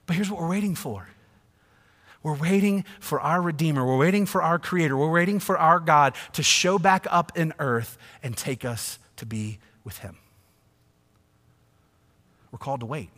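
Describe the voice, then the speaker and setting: A man preaching a sermon, swinging from hushed asides to loud, emphatic passages. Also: fairly high pitch, normal speed, long pauses. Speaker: pastor. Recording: long reverb of a church hall.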